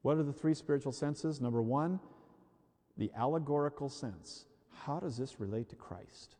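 A man preaching a sermon in an emphatic, animated way, repeating key phrases for the congregation. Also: medium pitch, normal speed. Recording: long hall reverb.

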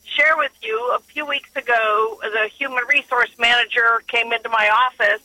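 Woman caller, very bright voice, earnest animated storytelling, dry sound. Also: on the high side, normal speed, no room sound, poor audio. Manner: earnest, animated retelling with acted quotes. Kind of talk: telling a story on a call-in show. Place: her workplace office.

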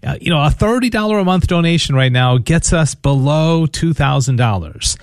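A man's voice: on the high side, expressive, normal speed, dry recording. A man co-hosting a radio pledge drive, earnestly asking listeners to donate, often repeating and restarting his words. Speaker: radio fundraiser co-host.

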